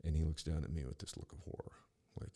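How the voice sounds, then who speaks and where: Gravelly deep-voiced man telling stories. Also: level tone, fast, dark tone. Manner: profane, rambling, with frequent restarts. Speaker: podcast host. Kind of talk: casual storytelling monologue.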